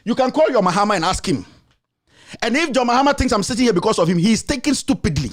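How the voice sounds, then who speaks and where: A man's voice: sits high, lively intonation, fast talker. A man with a Ghanaian accent hosting his own show, delivering an angry, scolding political rant full of repeated insults. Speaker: political commentator and show host.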